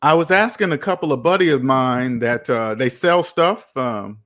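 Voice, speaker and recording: A man's voice: medium pitch, expressive, moderate pace, a bit bright. A man hosting a personal finance livestream, talking emphatically to his chat, repeating points and asking rhetorical questions.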